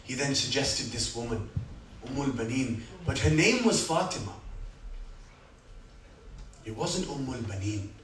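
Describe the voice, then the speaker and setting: A man giving a sermon at a religious gathering, telling stories with dramatic rises and soft, quiet reflections. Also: medium pitch, lively intonation, unhurried, long pauses. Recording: echoey hall, speaker far from mic, faint room noise.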